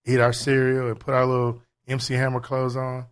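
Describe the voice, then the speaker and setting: Male co-host, laid-back chat, reflective storyteller, gets animated. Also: medium pitch, fairly quick, clear, resonant tone. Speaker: podcast co-host. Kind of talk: casual chat.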